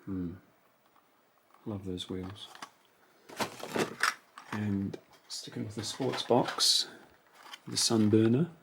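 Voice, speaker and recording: A man's voice: lowish voice, steady tone, very slow, vocal fry, pauses often, background noise. A man chatting casually to himself while unboxing toy cars, musing over each one. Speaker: toy car collector. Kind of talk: relaxed unboxing commentary.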